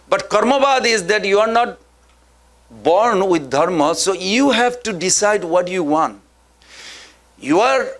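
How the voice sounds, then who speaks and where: Man preaching a scripture class, fairly high voice, tells stories and quizzes the crowd. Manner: animated storyteller, asks the audience questions. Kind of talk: scripture lecture with storytelling.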